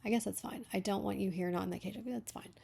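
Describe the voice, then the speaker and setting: A woman's voice: mid-range voice, steady tone, racing, creaky, dark tone, slightly rough. A woman reading a story aloud as a beta reader, breaking off to comment on the writing.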